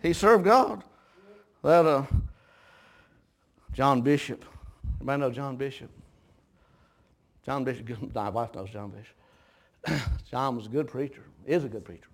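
A man's voice: medium pitch, unhurried, pauses often. A man preaching a folksy sermon, telling homespun stories, chuckling often and stumbling over repeated words.

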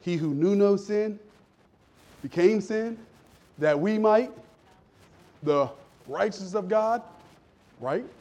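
A man preaching a lively, conversational sermon in a church, calling out to the congregation. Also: high voice, husky. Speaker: pastor.

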